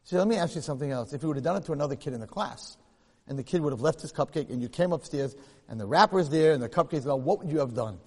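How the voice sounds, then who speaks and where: A man, a rabbi and teacher, telling a personal story in a lecture, animated and rising to loud excited bursts. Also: fairly high pitch, rapid-fire, husky. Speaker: rabbi and teacher giving a talk. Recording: long hall reverb.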